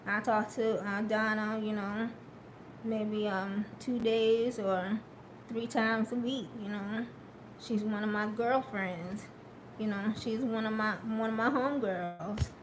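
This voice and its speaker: A woman chatting casually on a live stream, slow and hesitant with many fillers, upbeat and encouraging. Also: medium pitch, fairly even intonation, a little hiss or hum.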